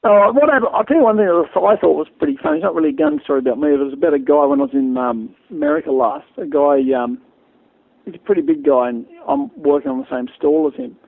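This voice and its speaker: A middle-aged Australian man rambles through his stories as an interview guest and restarts his sentences often. His voice is gravelly and a bit high, and he talks fast. The sound is thin, like a phone line. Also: expressive. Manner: rambling, storytelling, many restarts. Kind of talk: casual interview chat.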